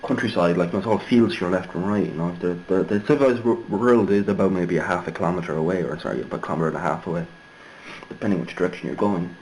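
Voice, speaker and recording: A man's voice: deep voice, fast, a little mellow, a little hiss or hum, rough recording. A young Irishman telling a story casually, rambling and digressive with many fillers and restarts. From Ireland. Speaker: vlogger.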